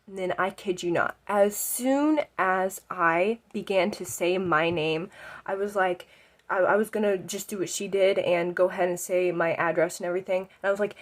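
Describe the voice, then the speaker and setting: A young adult woman telling a story casually in an animated way, acting out the scenes and saying "like" often. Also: on the low side, unhurried.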